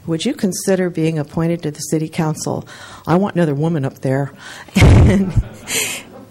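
A woman's voice: lowish voice, a little mellow. A middle-aged woman, the outgoing mayor, giving an earnest, heartfelt farewell speech in a council chamber. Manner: heartfelt, earnest, close to tears.

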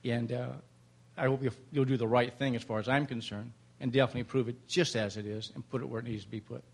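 A man's voice: mid-range voice, fairly even intonation, fast, vocal fry, husky. An older man in his seventies, a Vietnam veteran, giving an emotional, plainspoken public comment at a city council meeting.

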